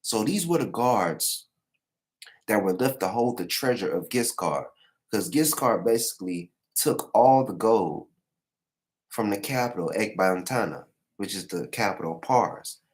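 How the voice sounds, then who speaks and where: A man recapping manga chapters in a casual live reaction, animated and profane, acting out the characters' lines. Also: on the low side, moderate pace. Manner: animated, acts out the characters' lines in raised voices, swears freely. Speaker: manga reviewer.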